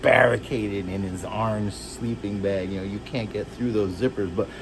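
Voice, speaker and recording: A man telling rambling, halting stories about his childhood, jumping from one memory to the next. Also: fairly even intonation, noisy background. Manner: rambling, halting, restarts and jumps between stories; shouts and jumps high when acting out others. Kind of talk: rambling personal storytelling.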